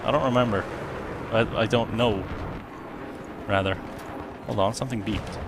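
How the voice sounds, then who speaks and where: A man's voice: lowish voice, fairly even intonation, moderate pace, gravelly, noisy background. A man giving casual let's play commentary, rambling and correcting himself as he goes. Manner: rambling, self-correcting, chatty. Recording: game audio behind voice, gunfire and vehicles. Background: game gunfire and explosions.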